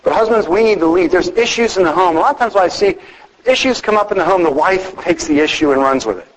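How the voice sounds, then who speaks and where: A middle-aged pastor preaching a conversational sermon on marriage, telling personal stories to the congregation. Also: male voice, high voice, quick pace, big-room sound, a little hiss or hum, poor audio.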